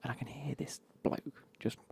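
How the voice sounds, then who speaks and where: A man's voice: moderate pace, mellow, dry recording. A man whispering through an ASMR gaming stream, rambling and swearing as he chats.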